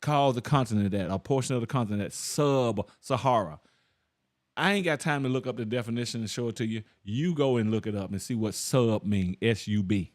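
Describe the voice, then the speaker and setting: A man's voice: medium pitch, brisk, dry recording, clean studio sound. A man leading an informal Bible study, folksy, repeating words and asking his listeners questions. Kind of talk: informal preaching.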